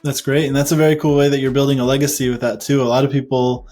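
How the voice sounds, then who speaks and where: A man's voice: medium pitch, flat delivery, fast, warm tone, soft background music. Encouraging male podcast host. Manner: encouraging and affirming. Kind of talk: interview questions.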